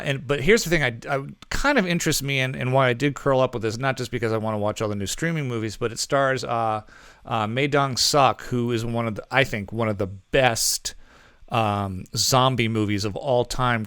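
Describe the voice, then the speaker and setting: A man co-hosting a film review podcast, talking loosely and correcting himself as he goes. His voice is smooth and resonant at a middle pitch. The recording is close and dry. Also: moderate pace, a bit bright, dry recording. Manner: rambling, self-correcting, with frequent ums and asides. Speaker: podcast co-host reviewing movies. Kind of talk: casual movie review chat.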